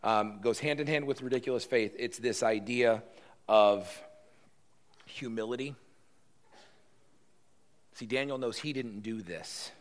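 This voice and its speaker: A pastor giving a sermon in an animated, conversational storytelling manner. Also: male voice, medium pitch, unhurried, pauses often.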